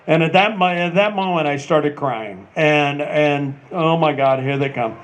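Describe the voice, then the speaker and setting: A man in his sixties, a retired ballplayer telling a long story on stage, with many pauses and fillers. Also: on the high side. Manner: rambling anecdotal, many "uh" pauses. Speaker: retired ballplayer, panel guest. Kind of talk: storytelling at a live panel.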